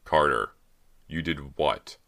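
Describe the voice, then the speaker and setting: A man with a very deep voice reading the lines of a stern, grave judge who is also the father, speaking firmly. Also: slow, gravelly, a bit bright, heavily acted. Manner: grave, firm.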